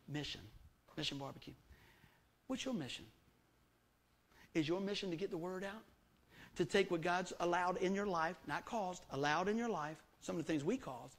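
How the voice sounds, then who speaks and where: A middle-aged man preaching a sermon, folksy and emphatic, full of rhetorical questions to the congregation. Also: a little high. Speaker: pastor.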